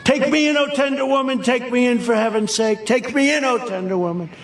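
A man's voice: very high-pitched, a little fast, creaky, pitched above the performer's own voice. A man voicing a vicious male snake in a recited poem, chanting a sing-song refrain at a rally. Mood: pleading. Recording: echoey rally sound with crowd ambience.

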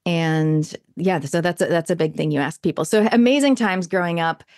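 A thirtysomething Canadian woman, the guest in a casual interview, talks eagerly and at length with plenty of fillers. Her voice is on the low side with a darkish tone at normal speed, captured cleanly in a studio without echo.

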